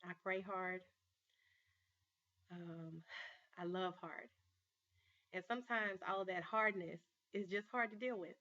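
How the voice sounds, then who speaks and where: Earnest bright-voiced woman telling a story. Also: fairly low pitch, slow, long pauses, dull audio. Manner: earnest, storytelling, emphatic with rising bursts. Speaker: life coach and show host. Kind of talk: personal vlog monologue.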